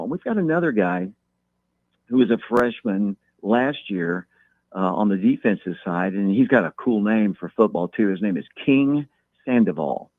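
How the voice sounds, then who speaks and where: A man calling in as a guest, talking football in a measured way and repeating words as he thinks. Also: fairly low pitch, dry recording. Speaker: guest talking local high school football. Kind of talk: phone-in interview. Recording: tinny phone line.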